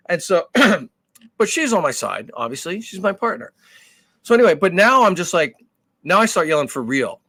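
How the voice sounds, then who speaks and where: A man co-hosts a podcast, swearing freely as he tells an animated story. His voice sits a little high for a man. The sound is dry and close, with no room echo. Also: moderate pace. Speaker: podcast co-host. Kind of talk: casual chat.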